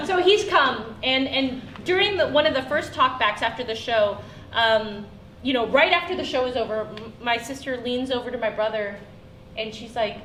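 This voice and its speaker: Woman w/ a high voice, animated storytelling at a theater talkback, roomy echo. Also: moderate pace. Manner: animated, acts out family quotes, laughs often. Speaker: solo performer answering audience questions. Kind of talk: storytelling in a post-show talkback. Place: theater, live audience. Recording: echoey hall, faint noise.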